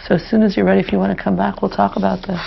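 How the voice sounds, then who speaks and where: A woman therapist, calmly and steadily guiding a client through an exercise, on a dull lo-fi recording. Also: mid-range voice, very fast, vocal fry, slight background noise. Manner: calm, directive, steady.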